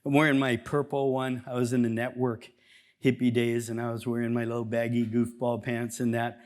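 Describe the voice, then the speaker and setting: A man speaking as a chiropractor at a seminar, talking to a live audience in an energetic, conversational way and acting out bits of dialogue. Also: mid-range voice, fairly quick. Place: seminar room before an audience.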